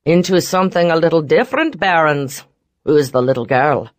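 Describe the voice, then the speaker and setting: A woman voicing a smug, wealthy man who talks in a loud, taunting way. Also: deep voice, lively intonation, moderate pace, no echo, clean studio sound. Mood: mocking.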